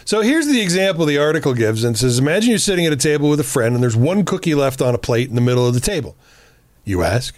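On a dry recording, a medium-pitched man co-hosts a casual relationship advice chat. He's blunt and profane, and he animatedly performs lines he quotes from himself.

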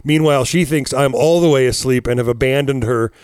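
A man's voice: mid-range voice, fairly quick, a little mellow, clear, resonant tone, dry recording, clean studio sound. A man in his forties, co-hosting a podcast in casual chat, rambling and cursing as he tells stories with laughs. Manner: rambling, profane, laughing storyteller. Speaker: podcast co-host.

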